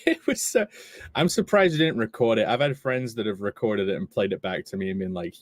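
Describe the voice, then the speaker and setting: A man's voice: fairly low pitch, fairly quick, dry recording. A young man hosting a casual livestream, reading chat messages aloud and laughing often. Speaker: livestream host.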